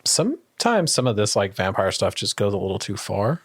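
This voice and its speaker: A man co-hosts a relaxed podcast chat, his voice moving animatedly up and down. He keeps his replies short and laid-back, with casual swearing. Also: on the low side, normal speed, breathy edge. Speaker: podcast co-host.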